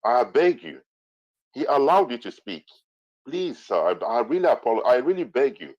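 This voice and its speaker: A man moderating a heated online debate, repeatedly stepping in and pleading with the speakers to calm down. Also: medium pitch, moderate pace, no room sound. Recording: dull lo-fi online audio.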